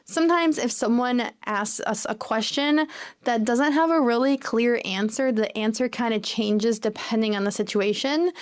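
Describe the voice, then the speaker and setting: Female English teacher, somewhat high voice, walks learners through phrases with acted-out examples.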